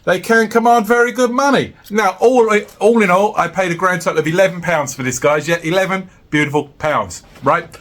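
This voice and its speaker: A man talks casually to his viewers in a jokey, upbeat vlog. His voice sits on the higher side for a man, and he keeps coming back to the viewers as "guys". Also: brisk, few pauses. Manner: chirpy, jokey, keeps saying "guys", swings high when excited. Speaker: reseller vlogger. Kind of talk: casual chatty vlog to camera.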